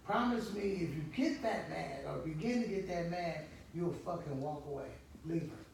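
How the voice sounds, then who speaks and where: A man's voice: fairly high pitch, moderate pace, vocal fry, a little mellow, a little hiss or hum. A man voicing his stern, loving older mother, who pleads bluntly and curses. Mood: pleading. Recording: echoey room from far off.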